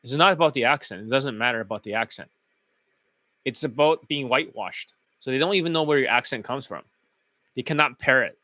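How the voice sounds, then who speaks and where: A man's voice: mid-range voice, fairly quick, pushed and bright, no echo. A man who coaches dating, talking in a blunt, profane, casual monologue.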